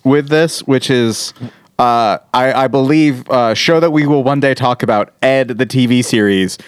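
A man's voice: mid-range voice, a little slow, smooth, no room sound. A man in casual comedy chat, brash and joking, swearing freely.

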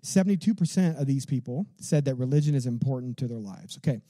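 A man preaching a sermon as a pastor, in an animated, conversational way, full of rhetorical questions and casual fillers. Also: mid-range voice, quick pace, no echo.

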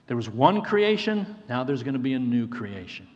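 A man's voice: medium pitch, very animated, moderate pace, a little mellow, lo-fi sound. A man preaching a sermon in an earnest way, often repeating a phrase for emphasis and calling his listeners friends. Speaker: pastor. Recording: long hall reverb.

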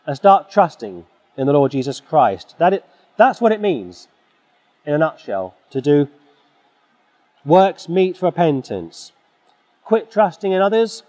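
A man preaching a forceful, exhorting sermon, clearing his throat now and then. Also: fairly high pitch. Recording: dull sound in a reverberant hall.

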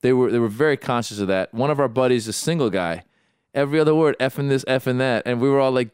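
A mellow, easygoing man chatting on a podcast, thinking out loud about family life. His voice is resonant and clean, recorded dry and up close. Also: mid-range voice, quick pace, clear, resonant tone, no room sound. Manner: easygoing, reflective. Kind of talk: casual chat.

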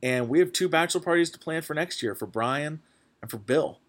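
A young man hosting a podcast, chatting casually and excitedly, with lots of fillers and restarts. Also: a little high, a little fast. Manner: rambling, full of fillers, excitable. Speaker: podcast host. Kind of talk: casual chat.

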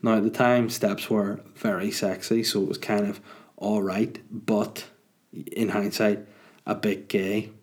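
A man hosting a podcast on his own, talking in a loose, rambling, jokey way with plenty of swearing. His voice sits fairly low. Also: little pitch movement, measured pace. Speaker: podcast host and stand-up comedian. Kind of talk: casual solo podcast chat.

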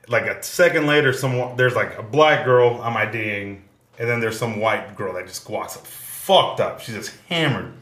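A man's voice: mid-range voice, normal speed, a bit bright. A man telling a rambling, profane story in casual podcast chat. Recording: echoey room.

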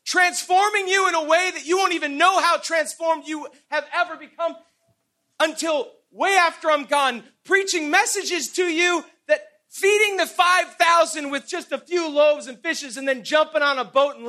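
A man's voice: very high voice, normal speed, bright, forceful tone. A middle-aged man preaching a sermon, telling stories with laughs and stumbling restarts. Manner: storytelling with self-deprecating laughs and repeated "and, and".

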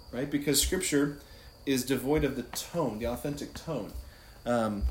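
A man speaking as a priest, teaching about prayer in a casual, conversational way, often adding "like" and "right?" as he goes. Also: mid-range voice. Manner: conversational, many "like" and "right?" asides. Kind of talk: casual spiritual teaching talk. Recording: echoey room with faint background noise.

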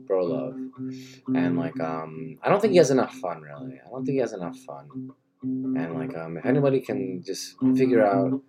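A young man giving a rambling, mock-earnest comedic monologue and interrupting himself often. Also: low-pitched.

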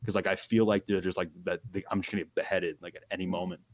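A man's voice: low-pitched, level tone, fast. A young man telling a long, wild story in casual chat, full of slang, fillers and laughs at himself.

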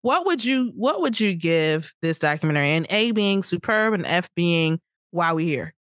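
A woman's voice: on the low side, very animated, moderate pace, a bit bright, dry recording, studio quality. A woman hosting a podcast in casual chat, playful and teasing, laughing often. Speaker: podcast host.

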